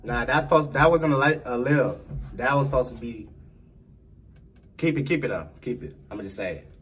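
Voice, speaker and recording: A man in a recording studio, talking loosely and haltingly as he explains something. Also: mid-range voice, fairly bright tone, recorded from a distance. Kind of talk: casual studio talk.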